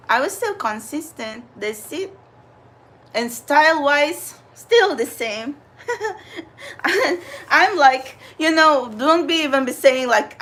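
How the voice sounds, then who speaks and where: A woman with a high, bright voice chats away in a casual vlog. She rambles with lots of fillers and restarts, and she laughs easily as she talks. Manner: chatty, animated, frequent laughs and fillers. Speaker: vlogger and spiritual channeler. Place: New York City area.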